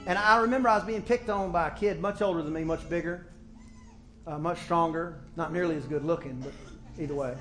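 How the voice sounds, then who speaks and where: A middle-aged male pastor preaching a sermon in church, swinging from quiet storytelling to shouted declarations. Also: on the high side, brisk, soft background music. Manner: preaching with sudden shouted peaks and storytelling asides.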